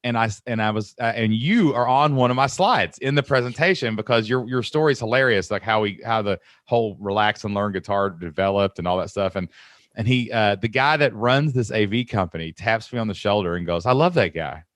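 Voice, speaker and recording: Male podcast host, eager storyteller, slightly low voice, dry studio sound. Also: a little fast, no echo. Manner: animated storyteller, excited and emphatic. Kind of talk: casual interview chat.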